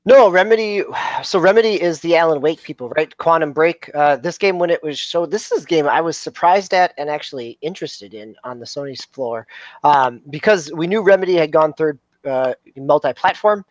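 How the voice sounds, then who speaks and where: A man's voice: on the high side, expressive, normal speed, no echo. Man on a dull, dry lo-fi mic. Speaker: podcast co-host. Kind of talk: casual chat.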